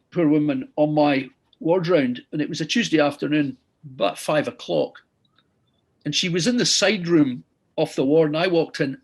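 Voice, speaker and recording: A man's voice: fairly high pitch, fairly bright tone, husky. A middle-aged man, a consultant surgeon, lecturing and retelling patient stories earnestly, often repeating "I said". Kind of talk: lecture with clinical anecdotes.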